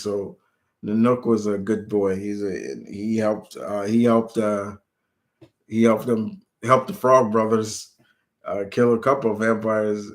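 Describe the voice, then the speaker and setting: This channel host is a man with a lowish voice, casually chatting on a live stream and fielding viewer questions. His talk is rambling and full of restarts, and scenes he retells come out animated.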